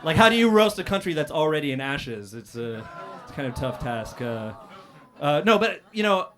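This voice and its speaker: A man with a fairly high-pitched voice performs a stand-up roast set on a comedy club stage. His delivery is dry and deadpan, peppered with "uh" pauses and sudden loud outbursts.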